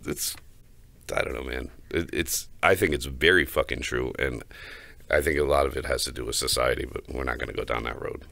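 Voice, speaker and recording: A man's voice: extremely low pitch, a little fast, vocal fry, pushed and bright, dry recording. A man hosting a podcast, talking in a crude, swaggering, heated casual rant. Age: adult, older than co-host. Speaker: podcast host.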